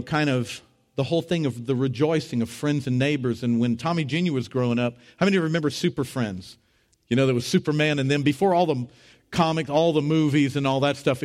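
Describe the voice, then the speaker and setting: A middle-aged man preaching as a pastor, telling a story with animated, rising voices for the people in it. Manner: animated, rising to high excited voices when retelling dialogue. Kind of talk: sermon storytelling.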